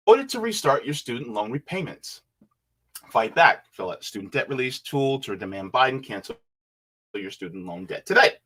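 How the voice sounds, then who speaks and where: Relaxed on a casual stream, a man with a mid-range voice reads his viewers' comments aloud and reflects on them, humming quietly now and then.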